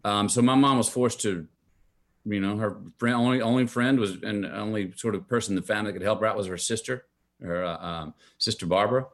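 A man in his fifties with a Texan accent, a guest in a casual interview who tells stories with animated voices and frequent laughter. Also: fairly low pitch, brisk. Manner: animated storyteller, laughs often, acts out quoted voices. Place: his home.

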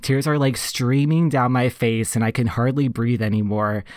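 A man in funeral service casually telling a personal story on a podcast, reflective and relaxed, full of "like" and "you know". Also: mid-range voice, moderate pace, no echo, clean studio sound.

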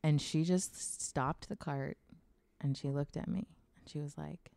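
A woman's voice: low-pitched, steady tone, unhurried, creaky, mellow, no room sound. A young woman in casual chat, telling a candid personal story, swearing freely and laughing as she acts out what people said. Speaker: podcast guest sharing a personal story.

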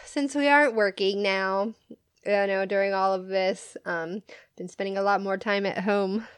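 A woman's voice: mid-range voice, fairly even intonation, normal speed, smooth, no echo. A woman co-hosting a casual chat, telling a story and laughing often. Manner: giggly, tells stories, laughs often. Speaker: podcast co-host.

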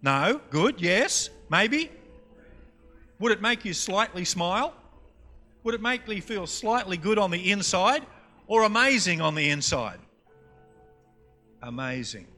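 North queensland aussie guy preaching, bright punchy voice, quizzing the crowd, faint music under it. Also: high voice, a little slow, pauses often. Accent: North Queensland Australian. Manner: animated, quizzes the audience with questions. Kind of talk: sermon teaching session. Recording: long hall reverb, faint music.

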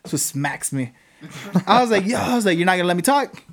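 Socal dude telling a story, animated and laughy, kinda high voice, swears a lot. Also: male voice, brisk. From Southern California. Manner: animated, laughs through stories, heavy swearing. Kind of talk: casual storytelling.

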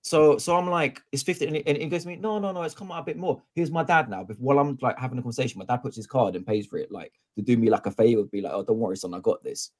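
A man's voice: mid-range voice, rapid-fire, hardly any pauses. A man telling a long story in casual podcast chat, acting out the dialogue and swearing freely. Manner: animated, acts out both sides of dialogue, swears freely. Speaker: podcast co-host.

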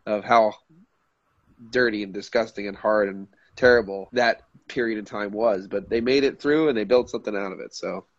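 A man's voice: lowish voice, fairly even intonation, moderate pace, dry recording. A man co-hosting a film podcast, chatting in a blunt, joking way. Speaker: podcast co-host. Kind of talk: casual podcast chat. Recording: dry, dull lo-fi sound.

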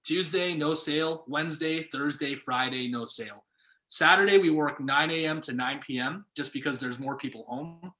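Bright-voiced young man telling a story. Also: fairly high pitch, moderate pace. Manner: animated, acts out quoted voices. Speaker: guest. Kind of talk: storytelling in casual chat. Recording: echoey room.

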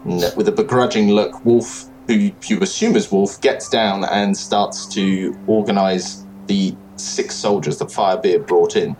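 A man's voice: lowish voice, fairly even intonation, a little slow, few pauses, a little mellow, slight background noise. Man narrating as game master.

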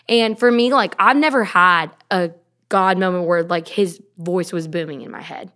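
A woman's voice: lowish voice, moderate pace, fairly bright tone. A young woman co-hosting a casual faith podcast, chatty, laughing easily and filling her talk with "like". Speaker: podcast co-host.

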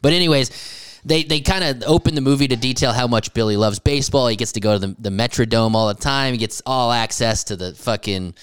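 A man's voice: medium pitch, fairly quick, few pauses, clear, resonant tone, no echo. Profane rambling man recapping a movie. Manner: rambling, profane, laughing often. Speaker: podcast co-host. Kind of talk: casual crude movie recap.

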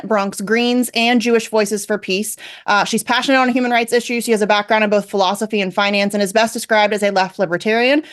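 A woman hosting a talk radio show, upbeat and chatty with frequent fillers. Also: on the high side.

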